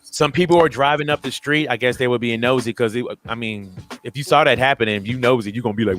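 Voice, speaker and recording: Faint music plays behind this fast-talking male podcast co-host. His retelling is casual and animated, and he voices the characters with large jumps in his voice.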